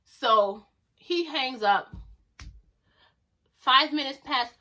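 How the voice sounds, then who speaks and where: A chatty woman tells a storytime to her camera, slangy and animated, acting out each line of dialogue. Her voice sits on the higher side and rings very bright. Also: drawn-out words. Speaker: YouTuber telling a storytime. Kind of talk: casual storytime vlog.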